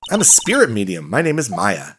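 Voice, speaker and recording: A man's voice: on the low side, huge pitch swings, fairly quick, noisy background. A man doing a perky young spirit medium girl. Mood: cheery. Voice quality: perky, upbeat. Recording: game music behind voice.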